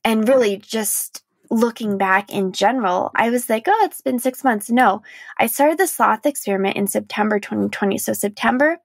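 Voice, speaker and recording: Vocal-fry woman hosting a reflective podcast. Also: mid-range voice, normal speed, dry recording. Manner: emotional, candid, frequent "like" and soft laughs. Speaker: podcast host. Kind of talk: reflective solo podcast monologue.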